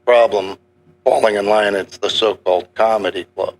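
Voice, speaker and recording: A man's voice: fairly low pitch, steady tone, normal speed. A man interviewing, mostly murmuring short agreements while the guest talks. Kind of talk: casual interview.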